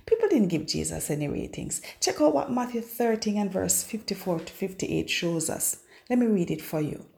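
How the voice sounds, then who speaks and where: A woman teaching a devotional Bible lesson, telling it as an expressive, dramatic story. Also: medium pitch, normal speed, vocal fry. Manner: expressive, dramatic storyteller who acts out scripture.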